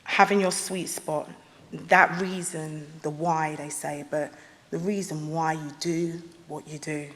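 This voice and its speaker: A woman giving an earnest, emphatic motivational speech at a graduation ceremony, stressing some phrases slowly. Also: sits low, fairly even intonation. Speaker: honorary degree recipient giving a speech. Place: large ceremony hall. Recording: long hall reverb.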